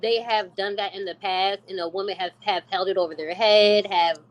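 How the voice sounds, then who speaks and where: A woman on a podcast panel who explains her view in a measured, thoughtful way. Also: mid-range voice, fairly even intonation, slight background noise, low-quality recording. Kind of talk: casual podcast discussion.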